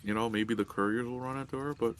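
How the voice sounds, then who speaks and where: A man's voice: medium pitch, fairly even intonation, fast talker, a bit bright, natural voice. A man voicing a former soldier searching for his missing sister, talking in a casual, slangy way.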